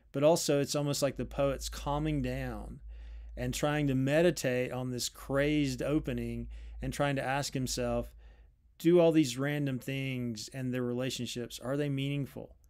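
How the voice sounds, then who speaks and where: A middle-aged man explains a poem in a relaxed lecture. His voice sits at an ordinary middle pitch, and he thinks aloud with ums and quick corrections while reading lines out. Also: clean tone. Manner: thoughtful, reads lines aloud, frequent ums and self-corrections. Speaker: literature teacher. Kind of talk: spoken lecture on poetry.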